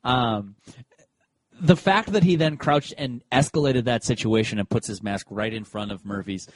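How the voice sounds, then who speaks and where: A man's voice: medium pitch, moderate pace, no room sound. Man retelling a game on a dry mic. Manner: animated storyteller who acts out quotes. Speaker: podcast co-host. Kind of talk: casual sports chat.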